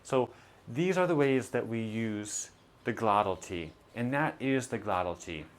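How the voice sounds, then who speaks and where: A man teaching a pronunciation lesson, modeling sounds slowly and deliberately. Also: lowish voice, lively intonation.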